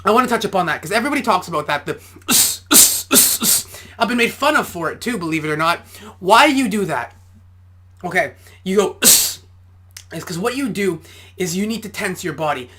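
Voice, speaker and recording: A man's voice: high voice, animated, fast, pushed and bright. A man, an amateur boxer, giving casual reaction commentary and explaining boxing technique step by step.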